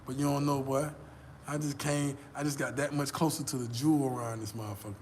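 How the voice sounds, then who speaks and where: An American man vlogging, telling a boastful, profane story in a casual, animated way. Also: medium pitch, quick pace, creaky, slight background noise.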